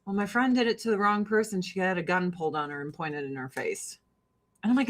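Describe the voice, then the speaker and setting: A woman's voice: medium pitch, expressive, brisk, fairly bright tone, low-quality recording. A middle-aged woman from Illinois with a Chicago-area Midwestern accent, chatting casually and profanely as a livestream host, laughing often and mimicking people. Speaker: livestream host selling skincare. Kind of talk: casual rambling chat.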